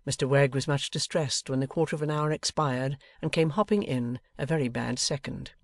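Narrating a classic novel for an audiobook, a man speaks at medium pitch with vocal fry, in a measured, even storytelling style. The recording is dry and of studio quality.

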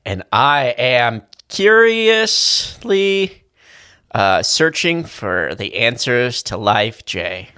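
Joking man with a bright voice. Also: mid-range voice, very animated, drawn-out words, clear, resonant tone. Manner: joking, playing dumb. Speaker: podcast co-host. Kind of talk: casual podcast banter.

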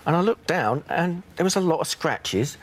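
A man's voice: fairly high pitch, animated, moderate pace. A British man plainly recounting what happened to him on a TV programme. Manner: plain, matter-of-fact. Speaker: interviewee on TV show. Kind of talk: recounting a story.

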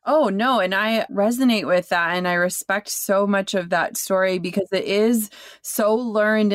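A woman's voice: mid-range voice, no echo, studio quality. A young woman hosting a podcast interview, affirming and enthusiastic as she responds to her guest. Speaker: podcast host. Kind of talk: casual interview talk.

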